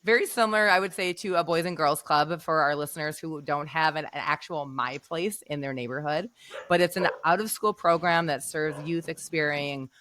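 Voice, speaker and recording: A woman co-hosting a podcast, hoarse and raspy after laryngitis, chatting casually with her guest. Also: low-pitched, fairly bright tone, no room sound. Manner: chatty, quick, with fillers and restarts. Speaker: podcast co-host. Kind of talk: casual interview chat.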